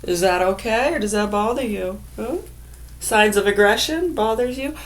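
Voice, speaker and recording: In a casual vlog monologue, a woman with a mid-range voice and moderate pace reads definitions out loud. She riffs on each one with sarcasm and plenty of swearing.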